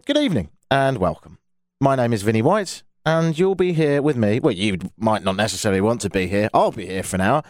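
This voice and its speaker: A man's voice: medium pitch, darkish tone, dry recording. An English man hosting a radio talk show from a studio, with dry, self-mocking banter. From England. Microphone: studio microphone.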